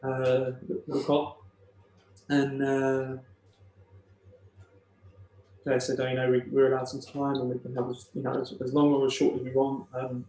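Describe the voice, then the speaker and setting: A young man tells a deeply personal story, his voice quiet and flat in tone. He stumbles and restarts often as he speaks. The room around him sounds noticeably echoey. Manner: halting, emotional retelling with many restarts. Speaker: podcast guest.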